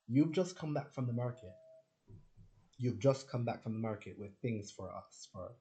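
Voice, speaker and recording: A man's voice: lowish voice, dark tone, poor audio. A man from Jamaica ranting in a casual monologue, rambling with lots of restarts and swearing. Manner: rambling, profane, frequent "like" and restarts. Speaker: spiritual content creator.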